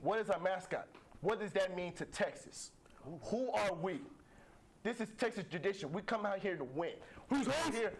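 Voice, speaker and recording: A man playing a furious senior football player who shouts the same lines over and over to get his team going. His voice sits high, with background noise clearly audible. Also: lively intonation, moderate pace. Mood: rallying. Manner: blustering, repetitive.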